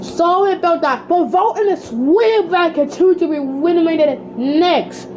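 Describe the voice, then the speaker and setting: Very high-voiced, excitable woman host. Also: measured pace, hardly any pauses, slight background noise, rough recording. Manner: excitable and dramatic, with sudden outbursts.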